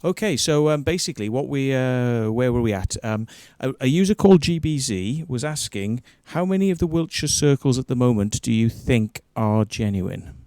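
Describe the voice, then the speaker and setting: A man's voice: mid-range voice, animated, normal speed, few pauses, warm tone, dry recording, clean studio sound. A man hosting a live web show, chatty and a little flustered. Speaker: show host.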